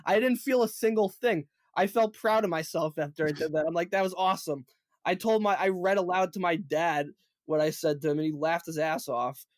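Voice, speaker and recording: A man in his twenties, a podcast co-host, telling a story in casual chat, animated, profane and emphatic. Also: on the high side, fairly quick, no room sound, studio quality. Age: 20s.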